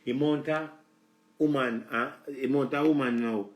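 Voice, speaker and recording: A man's voice: mid-range voice, steady tone, normal speed, reverberant. A man with a Jamaican accent rambling in a preachy, lecturing way, addressing his listeners directly on a live stream. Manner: preachy, lecturing, repeats "let me tell you something".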